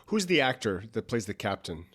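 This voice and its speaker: A man's voice: lowish voice, sing-song, fairly quick, a bit bright. A man co-hosting a casual film-review podcast, making his points earnestly and searching for words. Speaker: podcast co-host.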